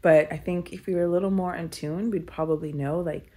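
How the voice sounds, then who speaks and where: A woman's voice: lowish voice, steady tone, brisk, mellow. A woman telling a candid personal story in an interview, earnest and reflective, with many filler "likes". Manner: tearful laughing when moved.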